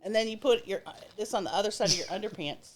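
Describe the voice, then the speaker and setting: A woman co-hosting a podcast in casual comedic chat, delivering dry, deadpan jokes. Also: medium pitch, fast talker. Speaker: podcast co-host.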